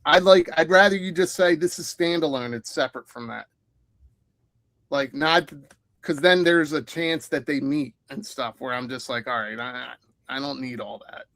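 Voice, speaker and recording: A man's voice: medium pitch, normal speed, a bit bright, no echo. A man co-hosting a casual livestream, chatting and laughing easily. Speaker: livestream co-host. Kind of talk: casual chat.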